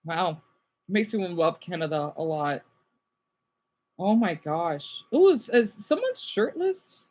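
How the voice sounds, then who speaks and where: A woman's voice: fairly low pitch, very animated, takes it slowly, darkish tone, rough recording. A woman live-streaming her reaction, gushing and exclaiming, easily distracted, who swears casually and then apologizes. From United States.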